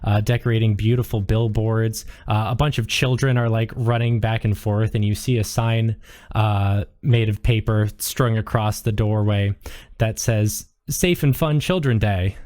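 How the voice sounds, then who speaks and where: A man's voice: lowish voice, flat delivery, moderate pace, darkish tone. A man narrating as game master in a loose, joking way with lots of fillers.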